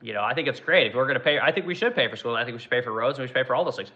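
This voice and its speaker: A man holds forth on a ranting livestream, blunt and combative, cursing freely as he answers chat. His voice is bright and forceful, and the recording sounds dull and lo-fi. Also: medium pitch, very fast. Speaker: furniture manufacturer and livestream host.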